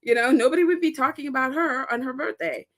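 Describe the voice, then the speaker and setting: Giggly high-voiced woman podcast host. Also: fast, a bit bright. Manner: giggly, laughs often, chatty with many fillers. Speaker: podcast host reading live chat. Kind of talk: casual live-stream chat.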